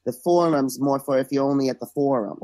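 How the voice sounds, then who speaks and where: A woman's voice: rumbling low, brisk, dark tone, dry recording. A woman being interviewed as a guest, chatting casually and gossiping with joking asides. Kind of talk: casual podcast chat.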